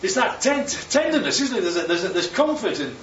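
A man's voice: high-pitched, fairly quick. Male preacher, slightly raised voice, distant dull echoey recording, prompts the room often. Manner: lively, peppers talk with "Right?" and "Yeah?". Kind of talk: sermon. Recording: echoey, distant, dull sound with faint ambience.

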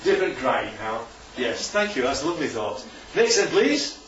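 A man's voice: mid-range voice, very animated, normal speed, a bit bright, a little hiss or hum. A man preaching informally to a congregation, often asking "right?" and "isn't that lovely?". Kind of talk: informal church talk with slides. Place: church hall. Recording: roomy, distant and dull church recording.

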